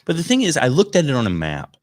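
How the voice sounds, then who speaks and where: A man's voice: medium pitch, wildly swooping pitch, fast, a little mellow. A man from Florida, a comedian chatting casually to viewers from his home studio, rambling and poking fun at himself. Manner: rambling, chatty, self-mocking. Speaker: stand-up comedian.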